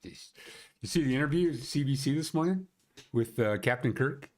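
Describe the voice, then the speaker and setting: A man's voice: mid-range voice, animated, brisk, darkish tone. A man hosting a ski conditions livestream, rambling and joking as he thinks aloud. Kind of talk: casual livestream chat.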